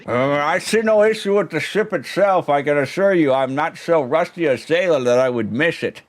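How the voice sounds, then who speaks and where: A man voicing a gruff, salty ship's sailor in a video game, brusque and rough-spoken. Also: a little high, moderate pace, close to an everyday voice.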